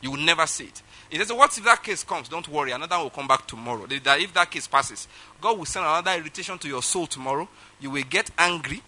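A man's voice: a little high, quick pace, bright, forceful tone, low-quality recording. A man preaching a sermon, telling a personal story and acting out phone calls with laughter. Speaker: pastor.

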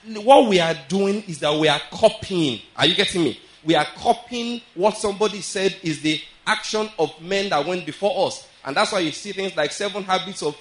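A man preaching a sermon as pastor. He reads scripture aloud slowly and keeps checking in with his listeners. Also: sits high, low-quality recording.

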